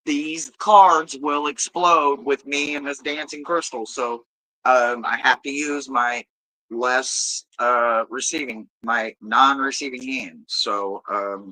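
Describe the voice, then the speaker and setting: A man's voice: mid-range voice, fairly even intonation, slow pace, bright, forceful tone, rough recording. A man hosting a live tarot stream, chatting casually and loosely with viewers, swearing freely and rambling between readings.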